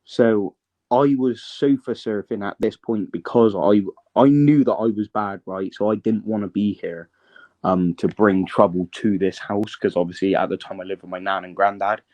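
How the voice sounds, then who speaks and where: A man's voice: lowish voice, fairly even intonation, moderate pace, darkish tone. Rambling man on a dull live stream. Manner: rambling, hesitant, often checks the listener follows. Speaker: guest. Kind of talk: casual live-stream interview.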